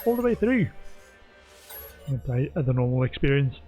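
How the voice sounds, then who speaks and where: A man's voice: medium pitch, very animated, moderate pace, mellow, soft background music, rough recording. A man streaming a game, chatting casually and reading on-screen text aloud as he plays. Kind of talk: casual gameplay commentary.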